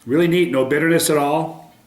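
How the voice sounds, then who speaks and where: A man with a slightly high voice talks through a pepper tasting review to camera. He is upbeat but halting, full of ums and restarts, and the room around him rings with echo. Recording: roomy echo.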